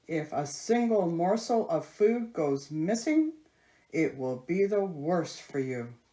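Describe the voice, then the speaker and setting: A woman voicing a greedy, grumpy male giant with a gruff, booming voice. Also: big pitch swings, takes it slowly, dark tone.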